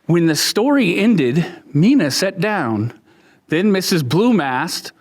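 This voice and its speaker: A man, a museum educator, reading a children's picture book aloud in a museum exhibit, with expressive storytelling. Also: sits high, takes it slowly.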